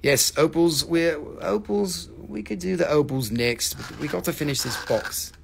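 A middle-aged man hosting a live-stream sale of rocks and minerals, talking in an excitable, hyping way and swearing freely. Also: fairly high pitch, normal speed, vocal fry, slight background noise. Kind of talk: live-stream sales chat.

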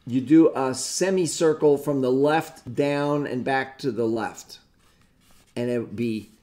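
A man with a mid-range, darkish voice gives an informal Greek grammar lesson for Bible study, going step by step. His delivery rambles, and he mutters to himself as he looks through a book.

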